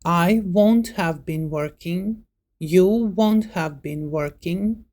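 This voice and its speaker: Slow, mellow-voiced woman teaching grammar. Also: on the low side. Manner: slow, deliberate, listing example words one by one. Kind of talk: scripted lesson narration.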